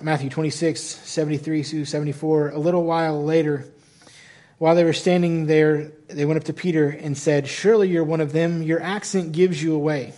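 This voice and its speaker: A male pastor preaching a sermon in a church in the American South, with a fairly high voice for a man. He talks in an animated way, corrects himself mid-sentence and acts out the people in the passages he reads.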